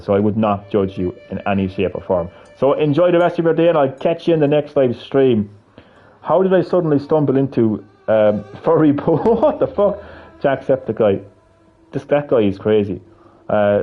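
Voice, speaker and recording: A man's voice: fairly low pitch, muffled recording. A man with a heavy Irish accent chatting on a gaming livestream, rambling with restarts and casual swearing.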